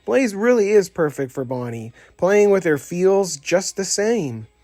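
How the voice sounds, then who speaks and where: Guy doing a loud folksy cowgirl toy, higher pitched, storybook style. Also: lively intonation, unhurried, no echo. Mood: excited. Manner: folksy drawl, hollering. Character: spirited cowgirl toy, brave leader.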